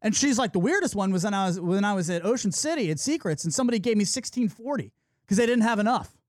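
A man's voice: high-pitched, fast talker, no room sound. Podcast host guy spinning a story, voice jumps all over, dry close mic. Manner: animated storyteller acting out quoted people. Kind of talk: casual chat, storytelling. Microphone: studio mic.

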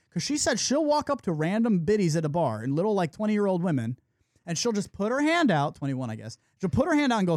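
A man hosts a podcast and tells a story in casual chat, acting out each person he quotes. His pitch swings widely as he talks. The sound is dry and close, with no room echo. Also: big pitch swings, brisk. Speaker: podcast host. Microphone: studio mic.

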